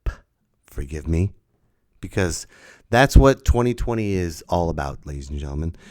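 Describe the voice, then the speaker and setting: A man's voice: deep voice, lively intonation, normal speed, darkish tone. A man, a stand-up comedian, hosting his own podcast in a playful, rambling, self-mocking way into a new microphone that pops on p sounds. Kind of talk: casual solo podcast monologue. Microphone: new podcast microphone with popping p sounds.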